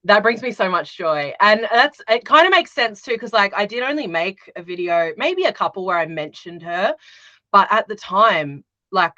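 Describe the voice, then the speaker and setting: Chatty, bright-voiced woman guest. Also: mid-range voice, animated, normal speed, no echo, muffled recording. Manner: warm-hearted, chatty, laughs often, uses fillers like "um" and "like". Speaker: guest, witch and tarot reader. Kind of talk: casual interview chat.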